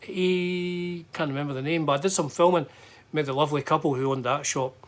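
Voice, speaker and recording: A man's voice: fairly high pitch, fairly even intonation, brisk. Chatty Scottish man rambling on. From Scotland. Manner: rambling, chatty, frequent fillers and restarts. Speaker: guitar vlogger. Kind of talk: casual travel chat.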